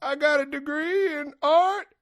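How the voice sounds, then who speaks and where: A man putting on a feeble, tearful old woman who talks in a slow, wavering voice. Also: very high voice, fairly bright tone, pitched above the performer's own voice.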